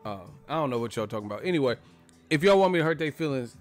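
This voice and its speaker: A boxing channel host with a medium-pitched, expressive voice races through a casual live-stream chat about boxing. He's brash and profane and laughs often, with soft music playing in the background.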